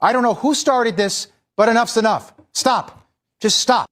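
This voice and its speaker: A man's voice: very high voice, a little slow, fairly bright tone, a little hiss or hum. A man giving an exasperated, emphatic opinion monologue as a TV news host.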